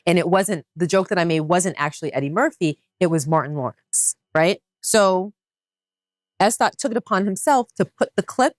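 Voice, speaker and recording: A woman co-hosting a casual podcast, her voice sitting on the lower side. She talks expressively and laughs easily. The sound is dry and close, with no room in it. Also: animated, moderate pace, no room sound. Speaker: podcast co-host. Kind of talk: casual chat.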